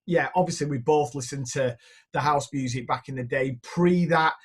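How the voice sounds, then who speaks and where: A man's voice: medium pitch, moderate pace, slightly rough. A middle-aged man from northern England, chatting casually and telling rambling stories as a music producer. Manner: chatty storyteller, rambling anecdotes, swears casually. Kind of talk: casual chat.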